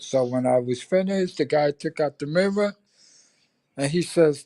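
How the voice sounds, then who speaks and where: Older guy telling army stories on a stream, lots of cussing and laughing, mid pitch, dry close sound. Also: lively intonation, moderate pace, gravelly, dark tone, dry recording. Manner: profane, laughing, acts out voices in anecdotes. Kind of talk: casual storytelling chat. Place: home.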